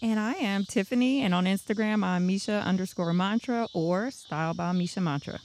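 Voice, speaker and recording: A woman's voice: mid-range voice, normal speed, darkish tone, slight background noise. A woman co-hosting a casual podcast chat, teasing and easygoing, recorded outdoors on a back deck. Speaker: podcast co-host.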